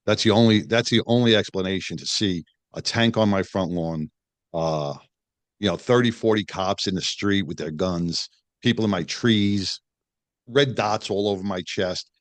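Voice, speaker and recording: A man's voice: on the low side, moderate pace, dry recording. A middle-aged man, a podcast guest and retired police detective, telling a story bluntly and profanely, with many restarts and acted-out quotes. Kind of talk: candid storytelling in a podcast interview.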